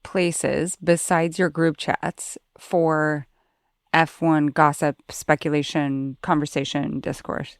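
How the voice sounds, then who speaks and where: A woman's voice: sits low, little pitch movement, slow, no echo, clean studio sound. A woman podcast host asking questions in a reflective, conversational way. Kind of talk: casual interview.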